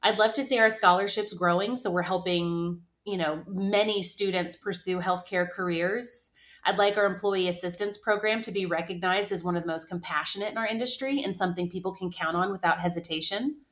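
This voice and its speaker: A woman giving earnest, reflective answers as a podcast guest, pausing now and then to gather her thoughts. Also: on the low side, fairly even intonation, fairly bright tone. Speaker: podcast guest, charity program leader. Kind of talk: interview answers.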